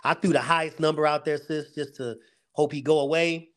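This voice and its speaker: A man's voice: on the high side, fairly even intonation, brisk, fairly bright tone. A middle-aged man, a security company owner, earnestly telling a faith-filled story of his struggles on a casual podcast, acting out the people in it.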